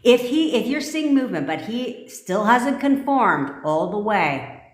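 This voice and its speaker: A woman's voice: medium pitch, big pitch swings, unhurried. A woman manifestation coach on a livestream, giving a blunt, profane pep talk and repeating commands for emphasis. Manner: blunt, profane, forceful ranting. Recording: echoey room.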